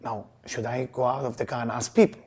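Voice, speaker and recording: A man teaching Kabbalah to a live audience, telling personal stories in an emphatic, animated way with loose grammar. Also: mid-range voice, fairly quick, slightly rough. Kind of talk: lesson with personal storytelling.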